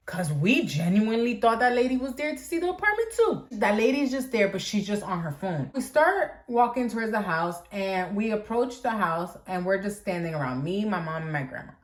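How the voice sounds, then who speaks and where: A woman's voice: medium pitch, animated, fairly quick, few pauses. A young woman vlogger telling a storytime tale in a chatty, dramatic way, full of fillers like "like". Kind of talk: storytime vlog.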